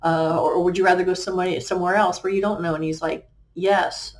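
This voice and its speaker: A middle-aged woman, a life coach, sharing her personal story on a talk show in an earnest, halting way, with many fillers and restarts. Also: fairly low pitch, fairly even intonation. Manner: quotes remembered conversations.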